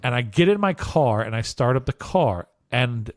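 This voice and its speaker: A man co-hosting a casual podcast, telling a story with lively asides and frequent "okay?" check-ins. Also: mid-range voice, moderate pace, no room sound, studio quality. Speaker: podcast co-host.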